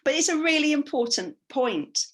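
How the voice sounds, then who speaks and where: A woman's voice: sits high, normal speed. Chatty woman teacher giving a slide talk. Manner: chatty, animated, frequent ums and self-corrections. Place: conference session.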